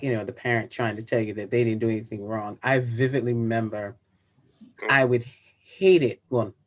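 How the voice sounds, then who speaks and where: A woman hosting a casual video-call chat, telling a story with lively laughter and acted-out quotes. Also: very deep voice, highs cut off. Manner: animated storyteller, laughs often, acts out quotes. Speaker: host.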